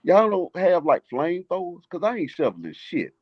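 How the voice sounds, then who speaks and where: A man from the South throws playful, teasing questions in livestream chat, his pitch lively and bouncing. The audio is dry and a bit dull. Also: moderate pace, husky, dry recording. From American South.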